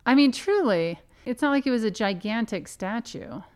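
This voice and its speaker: A woman's voice: on the high side, expressive, normal speed, a little mellow. A woman co-hosting a podcast, chatting in a playfully defensive way and thinking aloud. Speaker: podcast co-host. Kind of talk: casual chat.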